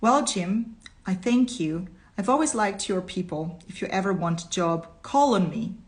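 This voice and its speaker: A woman's voice: medium pitch, lively intonation, normal speed, close to an everyday voice. Lady reading as a rich old dad, talking down to people, storybook voice. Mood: patronizing. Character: older man, a wealthy father, condescending.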